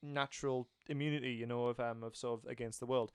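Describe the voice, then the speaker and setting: A man's voice: medium pitch, fast talker, smooth, dry recording. A man in casual chat about a film, retelling scenes and acting out the characters' lines. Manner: animated storytelling, acting out scenes. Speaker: film reviewer.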